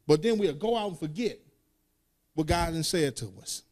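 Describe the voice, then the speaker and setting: A man's voice: on the high side, animated, moderate pace, darkish tone. A man preaching a sermon, reading scripture aloud and breaking into sung, call-and-response lines in casual speech.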